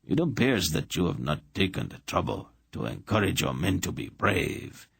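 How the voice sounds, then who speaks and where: A man's voice: deep voice, sing-song, normal speed, vocal fry, a bit bright, breathy edge, dry recording, full character voice. A man voicing an urbane, cruel emperor in an audiobook, speaking with silky, polite menace.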